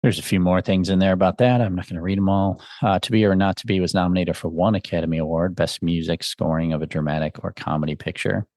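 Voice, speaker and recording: Deep, gravelly man reviewing films. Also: darkish tone, no echo, clean studio sound. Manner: musing, conversational, thinks aloud. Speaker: podcast host. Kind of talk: casual film review.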